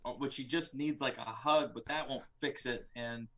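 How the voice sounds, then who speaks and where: A man's voice: medium pitch, steady tone, moderate pace, fairly bright tone. A man co-hosting a casual review show, ranting with profanity and sarcasm. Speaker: co-host.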